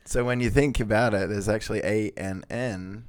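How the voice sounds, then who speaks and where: Aussie guy being deadpan and silly, smooth clear lowish voice. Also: normal speed, no echo. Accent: Australian. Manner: deadpan, playful. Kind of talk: casual chat.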